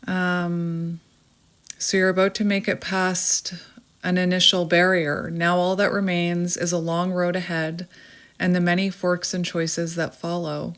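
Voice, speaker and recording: Speaking in a low, level tone at an unhurried pace, a Canadian-accented tarot reader in her thirties offers viewers a reflective spiritual reading. She is gentle and wanders as she talks, using plenty of fillers.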